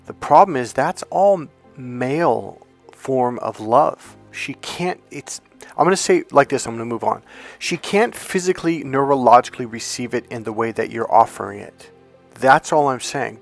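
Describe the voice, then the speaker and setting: A man's voice: mid-range voice, animated, normal speed, faint music behind. Emphatic, profane male dating coach. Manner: emphatic, profane, with lots of restarts and acted-out quotes. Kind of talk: sales pitch for a course.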